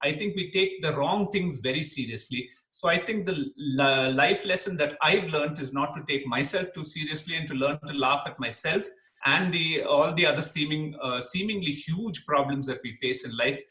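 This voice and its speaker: A middle-aged man from Kerala, speaking as an interview guest in an earnest, animated way and laughing easily. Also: fairly high pitch, moderate pace. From Kerala, India. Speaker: interview guest, dermatologist and comedian. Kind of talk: reflective interview talk. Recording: echoey room.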